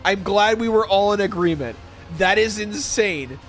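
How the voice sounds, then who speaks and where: His voice is high and his pace moderate as he chats casually on a live stream over faint background music. Excitable and quick to laugh, he also gives dramatic, theatrical readings of story text.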